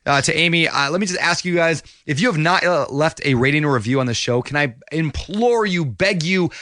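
A man's voice: on the high side, a bit bright, no echo, clean studio sound. A man hosting a podcast interview, talking in an upbeat, playful, chatty way. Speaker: podcast host.

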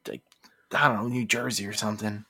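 A man co-hosting a casual wrestling chat with a dry, teasing, deadpan manner. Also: lowish voice, fast, gravelly, slightly rough. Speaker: podcast co-host.

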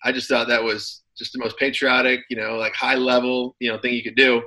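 Former football player as interview guest, thirties, bright voice, relaxed and rambling. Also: male voice, medium pitch, a little fast, poor audio. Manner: relaxed storyteller, many fillers and restarts. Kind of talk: casual interview chat.

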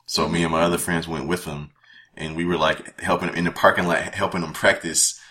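A man's voice: sits low, level tone, fairly quick, pushed and bright. A young man co-hosting a podcast, talking in a rambling, laid-back way and swearing casually. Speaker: podcast co-host. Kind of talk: casual chat.

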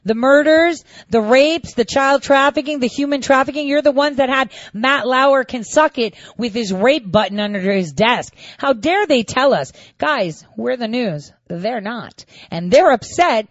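A woman's voice: sits high, expressive, normal speed, hardly any pauses, no room sound, muffled recording. Indignant woman hosting an online show. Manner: mocking, indignant, addresses viewers directly. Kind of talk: combative political commentary.

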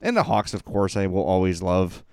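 A middle-aged man, co-hosting a casual sports podcast, gushing and excitable, also reading sponsor spots. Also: low voice, normal speed, creaky, smooth, dry recording, clean studio sound. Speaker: podcast co-host.

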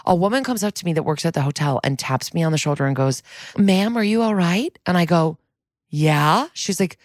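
A middle-aged woman co-hosting a podcast, telling an animated story in casual chat and acting out the quotes. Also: deep voice, a little fast, no echo, studio quality. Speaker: podcast co-host.

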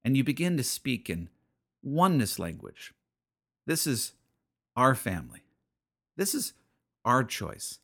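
A man of ordinary pitch gives a radio sermon in an earnest, conversational manner. He talks to listeners as the host of the show and builds his points through repeated phrases. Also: sing-song, measured pace, pauses often, fairly bright tone.

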